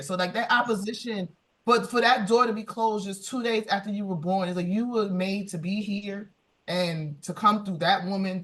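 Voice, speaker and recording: A woman's voice: mid-range voice, fairly bright tone. Tearful earnest woman speaking on a panel. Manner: emotional, tearful, earnest and affirming. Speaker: conference panelist. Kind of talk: heartfelt panel discussion.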